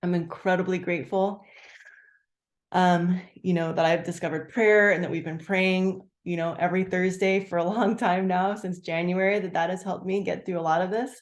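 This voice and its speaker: A woman leading a group, sharing her story candidly and haltingly, full of "like" fillers, on a video call. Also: on the low side, steady tone, roomy sound. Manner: candid, halting, many "like" fillers, bursts of acted-out quotes. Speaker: team leader sharing gratitude.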